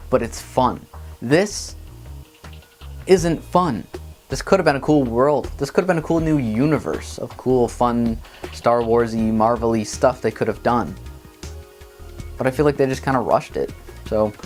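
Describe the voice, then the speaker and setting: A man hosting a casual movie review vlog from a green-screen studio, talking in a sarcastic, mocking way. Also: mid-range voice. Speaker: film reviewer and show host.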